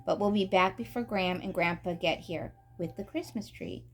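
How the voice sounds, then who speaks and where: A woman reading as a gentle, kind mother. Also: lowish voice, moderate pace, lightly acted.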